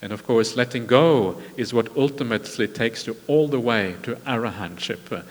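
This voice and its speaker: A man giving a Buddhist meditation talk at a retreat, in a measured, unhurried way with frequent pauses. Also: medium pitch. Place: large meditation hall. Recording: long reverb of a large hall.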